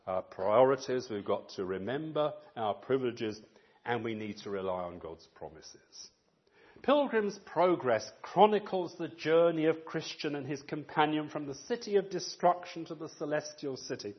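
Animated preacher, husky and lively. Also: male voice, mid-range voice, dull audio. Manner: animated storytelling, acts out quoted voices. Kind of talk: sermon.

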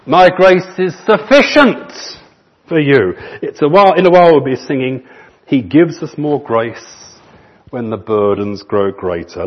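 A man preaching a sermon in an earnest manner, stretching key phrases slowly for emphasis. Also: medium pitch, husky. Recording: muffled lo-fi recording.

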